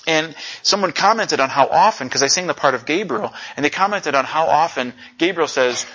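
A middle-aged man preaching a conversational sermon, telling stories and acting out quotes with animated energy. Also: on the high side, fairly quick, hardly any pauses, husky. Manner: animated storyteller, acts out quotes. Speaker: pastor. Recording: dull lo-fi recording.

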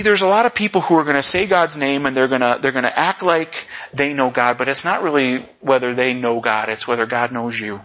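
A male pastor preaching a conversational sermon, often saying "you know" and jumping up in pitch for emphasis. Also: a little fast, hardly any pauses, bright, forceful tone. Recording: lo-fi dull sound.

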